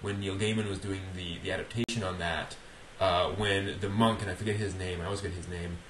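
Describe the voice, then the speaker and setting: A man's voice: sits low, steady tone, fairly quick, fairly bright tone. A man chats casually on a podcast, circling through restarts and hesitant asides. His voice carries a roomy echo, and a faint hiss runs underneath it. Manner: rambling, hesitant, with many restarts and laughs. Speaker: podcast co-host. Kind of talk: casual chat.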